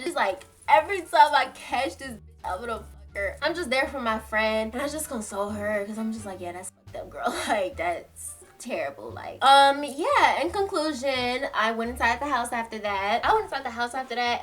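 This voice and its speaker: Brief: animated woman storytime vlogger, high pitched, slangy and profane. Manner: animated, slangy, swears freely. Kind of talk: casual storytime.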